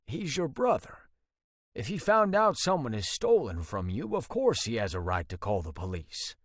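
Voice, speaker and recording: A man's voice: mid-range voice, sing-song, moderate pace, dry recording, clean studio sound. A male audiobook narrator voicing a worried middle-aged father who explains things in an earnest, level way. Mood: reproachful.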